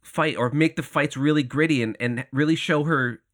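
A man co-hosting a casual film review podcast, halting and repeating words as he works out his point. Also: a little high, fairly bright tone. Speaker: podcast co-host.

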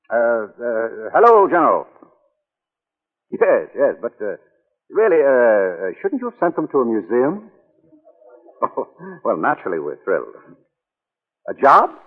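A charming, evasive young husband with a slightly husky voice that swoops very widely as he teases. He hedges and laughs things off. The sound is a tinny old radio broadcast with a long reverb. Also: medium pitch, huge pitch swings, slow, pauses often, full character voice. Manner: teasing, hesitant with uhs, laughs easily. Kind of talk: 1940s radio acting.

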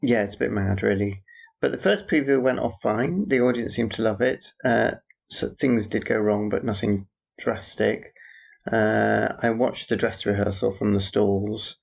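A man's voice: on the low side, unhurried, creaky. A man rambling through a personal audio diary, making dry, wry asides about passers-by. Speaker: theatre worker.

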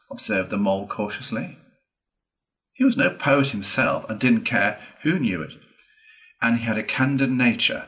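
A man reading a classic children's book aloud in a steady, measured storytelling voice. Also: lowish voice, poor audio. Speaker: reader.

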